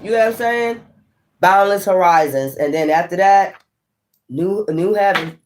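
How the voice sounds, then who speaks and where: Profane, excitable spiritual tarot reader. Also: medium pitch, unhurried, a little hiss or hum. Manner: profane, preachy and excitable, often laughing; rambling with frequent restarts. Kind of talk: casual spiritual monologue.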